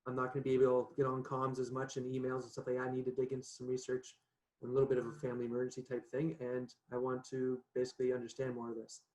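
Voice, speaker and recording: A man's voice: mid-range voice, racing. Chatty man telling a story, echoey room. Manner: chatty, animated, laughs often, says "right?" a lot. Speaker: podcast guest. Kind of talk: casual storytelling.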